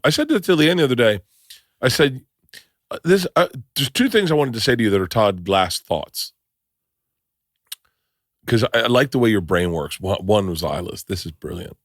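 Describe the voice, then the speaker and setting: A middle-aged man with a slightly low voice hosts a casual podcast chat, telling stories with excitement and jumping into the voices of the people in them. The sound is dry and close. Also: fairly quick, no room sound. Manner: excitable storyteller acting out quotes. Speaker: podcast host.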